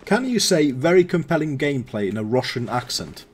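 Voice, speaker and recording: Man, game streamer, teasing banter, average pitch, mid-range voice. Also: sing-song, a little fast, noisy background. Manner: joking, teasing his friends. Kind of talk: casual banter while gaming live.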